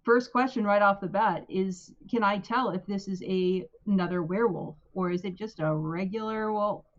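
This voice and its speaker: A woman playing a tabletop game, bubbly and given to sudden high squeals. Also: normal speed, muffled recording. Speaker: player.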